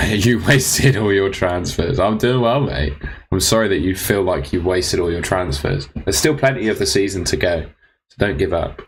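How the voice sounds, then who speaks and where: A man's voice: low voice, expressive, normal speed, slight background noise. A young man casually answering viewers' fantasy football questions on a live stream, laid-back and teasing.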